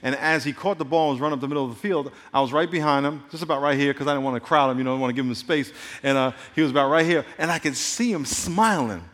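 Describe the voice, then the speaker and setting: Animated preacher man in a reverberant hall. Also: a little high, racing, hardly any pauses. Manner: animated storytelling with playful jokes. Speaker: pastor. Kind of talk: sermon.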